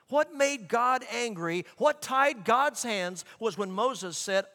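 A middle-aged man preaching a sermon as pastor, animated, acting out quoted voices. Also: extremely high pitch, measured pace. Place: large church sanctuary. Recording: long reverb of a large hall.

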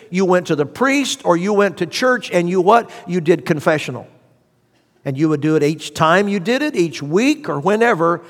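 Male preacher, high-pitched, rhetorical questioning style, long hall reverb. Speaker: pastor. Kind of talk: sermon.

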